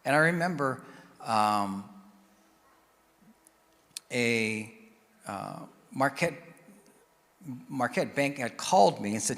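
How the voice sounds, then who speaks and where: A man giving a personal testimony sermon as a guest speaker, telling his story in an animated way and acting out the voices of the people he quotes. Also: medium pitch, a little slow, pauses often. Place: church sanctuary. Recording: long church reverb.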